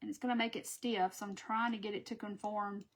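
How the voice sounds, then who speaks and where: Her mid-range voice barely moves in pitch, and she speaks fairly quickly. As host of a live crafting stream, she keeps up a chatty running conversation with viewers during her work, laughing at herself whenever she slips up.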